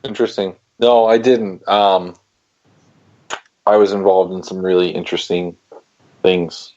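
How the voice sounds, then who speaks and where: Wry low-voiced male co-host. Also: level tone, measured pace, darkish tone. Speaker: podcast co-host. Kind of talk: casual sports podcast chat. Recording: dull lo-fi sound.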